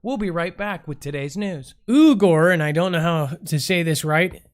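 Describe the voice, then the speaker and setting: A man's voice: a little high, normal speed, fairly bright tone. A man hosting a comedy call-in news show, stumbling over words, repeating them in silly voices and making joking asides to himself. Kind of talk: goofy read-out news blooper reel.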